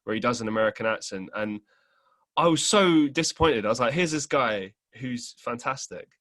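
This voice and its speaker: A man's voice: mid-range voice, animated, moderate pace, fairly bright tone. A man from Britain hosting a podcast, chatting casually and agreeably with his guest. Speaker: podcast host. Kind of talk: casual interview chat.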